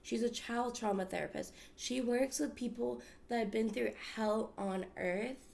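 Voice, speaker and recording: A woman's voice: a little high, measured pace, gravelly, a little mellow. A woman from the States hosting a podcast, telling a personal story in a candid, emphatic way and swearing freely. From United States. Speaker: podcast host. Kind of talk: casual storytelling chat.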